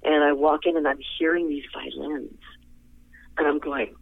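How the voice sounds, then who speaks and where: Animated storyteller on a tinny phone line. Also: male voice, normal speed, vocal fry, slightly rough, no echo. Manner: animated, rambling, jumps to high pitch in quoted reactions. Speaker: interview guest, singer. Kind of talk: casual storytelling.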